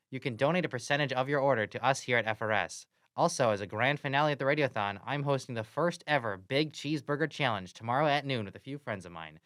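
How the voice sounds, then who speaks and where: A young man hosting a college radio show, briskly reading scripted announcements in an upbeat way. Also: mid-range voice, fairly bright tone, dry recording, clean studio sound. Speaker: radio host. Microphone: studio mic.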